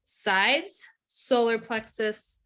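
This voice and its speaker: A woman guest explaining a tapping method in a conversational, teaching way, animated and acting out examples as she goes. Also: fairly high pitch, very slow. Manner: animated, acts out examples of inner talk.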